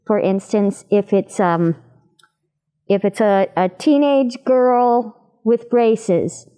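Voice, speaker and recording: A woman voice actor in an animated interview chat, demonstrating voices as she explains her craft. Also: medium pitch, takes it slowly, smooth.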